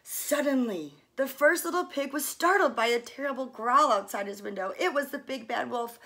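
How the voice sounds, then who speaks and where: A female fitness coach with a high-pitched voice gently reads a children's story, stopping softly at times to talk about the illustrations.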